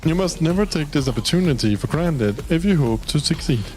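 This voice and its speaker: On a gaming stream, a young man from Denmark reads a dating game's text aloud in a playful, relaxed way, occasionally cursing and chatting to his pet. He sounds high-ish, animated and a little mellow, talking fairly quickly. Faint music sits behind a low-quality recording.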